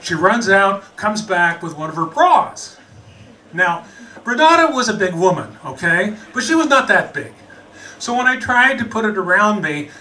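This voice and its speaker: An American man telling a comic story about himself, animated and self-mocking, laughing as he goes. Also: high-pitched, recorded from a distance, poor audio. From United States.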